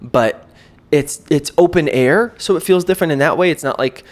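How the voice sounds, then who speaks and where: Animated, self-mocking man in his thirties. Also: on the high side, moderate pace. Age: 30s. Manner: animated, self-mocking, quotes himself in acted voices. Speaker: vlogger. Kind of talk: casual storytelling vlog.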